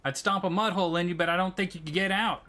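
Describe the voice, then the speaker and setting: A man's voice: high voice, fairly even intonation, fast talker, pushed and bright. A man doing a drawling redneck brawler. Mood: menacing. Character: rough redneck male brawler, menacing.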